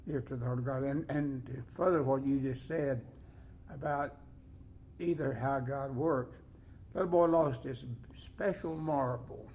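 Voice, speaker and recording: A man telling a homespun story slowly. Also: medium pitch, gravelly, darkish tone, slight background noise. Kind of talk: casual Christian talk.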